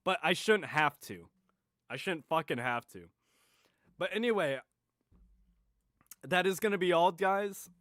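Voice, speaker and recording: A man's voice: high voice, animated, a little slow, pauses often, a bit bright, no room sound, clean studio sound. A tired man chatting and swearing casually while live streaming late at night. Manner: profane, exasperated, rambling.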